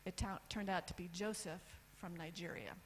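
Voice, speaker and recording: A woman's voice: fairly low pitch, fairly even intonation, slight background noise, poor audio. Candid woman telling her own story. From United States. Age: 50s. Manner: candid, lists items with pauses for effect. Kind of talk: personal story talk on stage. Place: event stage.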